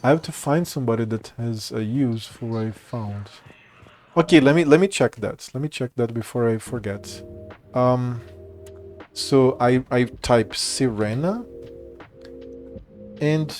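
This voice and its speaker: A man's voice: mid-range voice, darkish tone. Casual male streamer, talks loose, laughs a lot, swears. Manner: rambling, laughs and swears often. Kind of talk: casual gameplay commentary.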